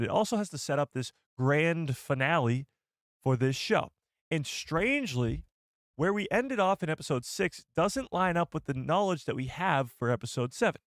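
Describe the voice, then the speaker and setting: Excitable man hosting a live stream. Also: fairly high pitch, dry recording, clean studio sound. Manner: excitable, rambling, reads chat aloud. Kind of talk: casual live stream chat.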